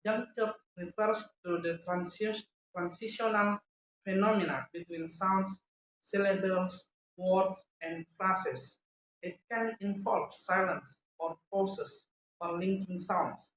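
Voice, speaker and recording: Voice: medium pitch, steady tone, a little slow, fairly bright tone, slight background noise. Student reading a phonetics talk, echoey room. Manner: reads from notes, stopping to sound out example words. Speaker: student presenter. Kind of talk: read-aloud academic presentation.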